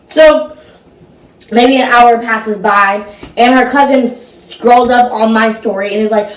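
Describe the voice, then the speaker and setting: A woman's voice: on the high side, fairly even intonation, slow, distant mic. A young woman telling a casual storytime to her channel, chatty and full of "like" and "blah, blah.". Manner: chatty, filler-heavy, fills gaps with blah blah. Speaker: vlogger. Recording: roomy echo, voice set back from the mic.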